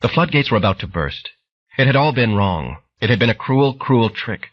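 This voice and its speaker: A low, husky male voice narrating an audiobook with dramatic storytelling. His pitch moves lively across the lines. The sound is dull and lo-fi. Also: normal speed. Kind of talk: scripted narration.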